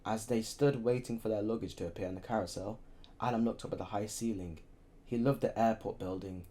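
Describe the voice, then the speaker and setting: A man with a low voice reads a novel aloud. His delivery is halting, with frequent slips and restarts. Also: steady tone, dark tone. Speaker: reader.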